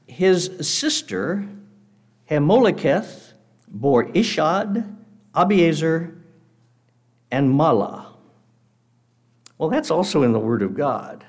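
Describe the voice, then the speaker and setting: A man giving a sermon to a congregation, earnest and measured, slowing down to read scripture aloud. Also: a little high, darkish tone. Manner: guest speaker addressing a congregation. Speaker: preacher.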